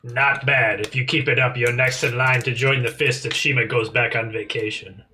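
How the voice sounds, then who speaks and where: A male player jokes and teases his friends in a bright, sharp voice. Background music plays as he talks. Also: medium pitch, steady tone, normal speed, a little hiss or hum. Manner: joking, teasing. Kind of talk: casual tabletop play.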